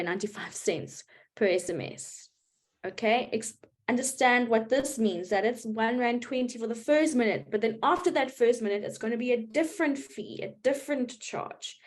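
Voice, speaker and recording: A woman teaching a live online maths class, explaining patiently step by step and checking in with her students. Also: a little high. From South Africa.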